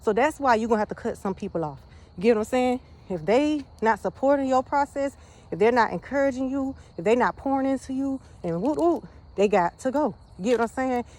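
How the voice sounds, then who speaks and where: A woman's voice: fairly high pitch, expressive, brisk, darkish tone. Slightly breathless woman, slangy pep talk. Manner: slangy, repeats "you get what I'm saying". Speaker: vlogger. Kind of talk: casual motivational talk.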